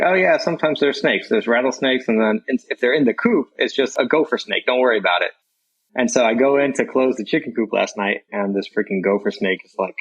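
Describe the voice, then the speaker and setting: A man's voice: on the low side, muffled recording. A man who is a guest on a podcast, telling a story in a laid-back, rambling way. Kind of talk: casual chat.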